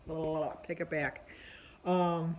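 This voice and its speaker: A woman's voice: sits low, little pitch movement, unhurried, darkish tone, slight background noise, low-quality recording. A woman chatting casually in a diary vlog at home, rambling and chatty with plenty of fillers. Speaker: vlogger.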